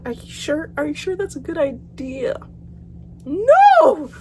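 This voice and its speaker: Teen girl vlogger, high voice, theatrical and foul-mouthed, loud yelps to low mutters. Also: moderate pace, very noisy. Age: teens. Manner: dramatic, swings from loud outbursts to quiet mutters; casual, swears freely. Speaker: YouTuber. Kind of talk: reacting to horror stories.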